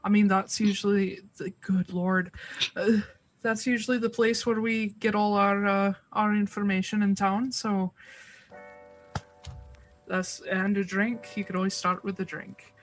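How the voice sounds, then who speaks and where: A woman voicing a small, red-haired, bearded male halfling in a tabletop game, with a halting attempt at an Irish accent. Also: high voice, little pitch movement, faint music behind. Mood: helpful.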